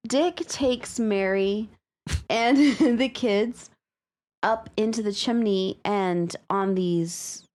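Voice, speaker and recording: A woman's voice: medium pitch, darkish tone. A woman co-hosting a podcast, chatting casually and laughing often while talking about a story. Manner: unhurried, drawn out, laughs often. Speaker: podcast co-host.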